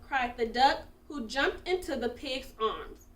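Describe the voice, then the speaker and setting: A woman reading a children's picture book aloud with expressive, animated storytelling, in an echoey room away from the mic. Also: high-pitched, measured pace, distant mic. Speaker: storybook reader.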